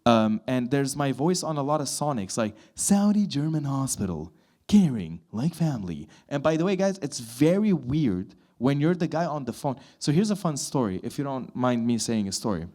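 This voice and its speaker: A man's voice: medium pitch, normal speed. A man of thirty, a voice-over artist and composer, talking at a fireside chat and acting out dialogue in his stories. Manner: animated storyteller, acts out dialogue. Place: event hall with live audience.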